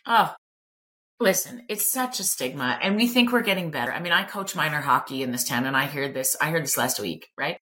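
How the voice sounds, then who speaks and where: A woman's voice: sits low, expressive, brisk, pushed and bright. A middle-aged woman, a clinical psychologist talking candidly as an interview guest, emphatic and blunt, swearing casually.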